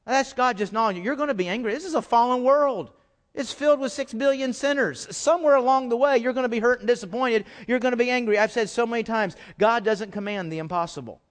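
Preaching at a fast clip, this middle-aged pastor swings between loud, emphatic bursts and quiet, low asides, often repeating words to drive a point home.

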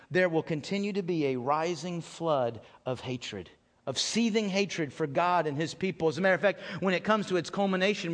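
A man delivers a sermon in a high voice, pushing up into loud, building questions and then dropping to hushed, low statements. He speaks from a large sanctuary, and a long reverb trails each line. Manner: emphatic, swings between loud rising questions and low hushed lines. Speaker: pastor.

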